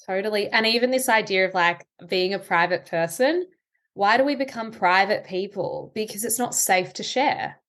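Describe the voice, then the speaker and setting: A woman anxiety coach, a podcast guest, explaining ideas in a calm, reflective way. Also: medium pitch, normal speed. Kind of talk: conversational interview.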